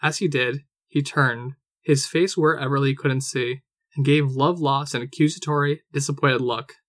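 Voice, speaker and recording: A man narrating a fan audiobook in a measured storytelling manner. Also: medium pitch, fairly even intonation, a bit bright, dry recording.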